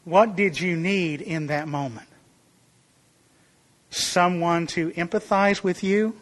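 A man preaching a sermon in an earnest, emphatic way. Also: a bit bright. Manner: earnest, emphatic, rises in pitch and volume for illustrations.

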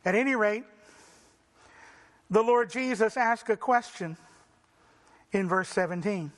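A male preacher with a very high, bright voice delivers a sermon. He leans on rhetorical questions and slows down for dramatic pauses.

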